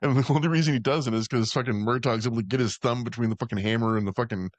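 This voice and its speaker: A man co-hosting a casual movie podcast, rapidly retelling scenes with profanity and voiced-out character lines. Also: mid-range voice, steady tone, dry recording, highs cut off. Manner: fast, profane, mimics characters. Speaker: podcast co-host. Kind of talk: casual movie-recap chat.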